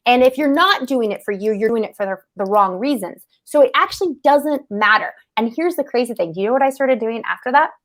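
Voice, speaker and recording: A middle-aged woman co-hosting a podcast, with a somewhat high voice. She tells her story casually and with animation, and keeps checking in with "right?" and "like". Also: fairly quick, hardly any pauses. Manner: animated, frequent "like" and "right?" asides. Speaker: podcast co-host and public speaker.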